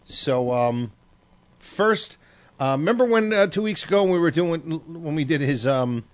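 Radio host dude just chatting, rambly, lots of "you know"s. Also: male voice, fairly high pitch, lively intonation, a little slow, a little hiss or hum. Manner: loose storytelling with many fillers. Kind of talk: casual radio banter.

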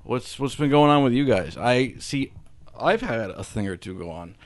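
A relaxed man hosts a podcast, chatting casually with a wry edge. His talk is easygoing and unhurried. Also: medium pitch. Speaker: podcast host. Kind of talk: casual chat.

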